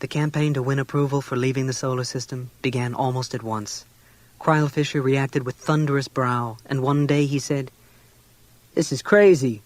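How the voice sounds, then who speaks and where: A man reading a novel aloud in a steady, measured way. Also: mid-range voice. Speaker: audiobook reader.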